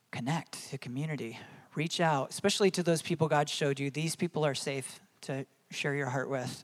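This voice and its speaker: A pastor in his thirties gives an earnest, conversational sermon. His voice is a bit higher than the typical man's, and he laughs often while telling stories.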